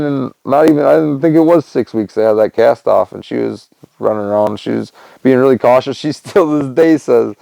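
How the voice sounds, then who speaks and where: A young man with a gravelly, creaky edge tells a long personal story as a podcast host. He rambles loosely and leans on fillers. The sound is dry and close, with no room around him. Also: medium pitch, mellow, dry recording, poor audio. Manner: rambling, loose, lots of "man" and "you know". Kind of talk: casual storytelling monologue.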